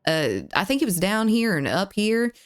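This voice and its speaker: A woman's voice: mid-range voice, very animated, normal speed. A woman, rambling in casual chat with her live viewers and reading their messages aloud. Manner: rambling, lots of filler "like", reads chat aloud. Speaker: streamer.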